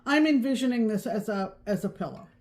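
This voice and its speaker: This podcast co-host is a woman talking casually about cross-stitch on a crafting show, wandering off-topic and often saying um or starting over. She speaks a little fast, her voice slightly high with a darkish tone. There's some light background noise.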